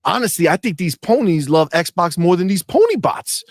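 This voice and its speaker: Animated man hosting a gaming chat. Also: sits high, normal speed, dry recording, clean studio sound. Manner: animated, slangy, mocking, reads chat aloud. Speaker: podcast co-host.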